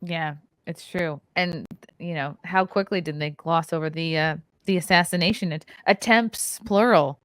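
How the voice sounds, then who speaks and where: A woman's voice: lowish voice, moderate pace, no echo. Female host, chatty, laughs easily, casual interview, dry close sound. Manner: chatty, laughs between words. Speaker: podcast host.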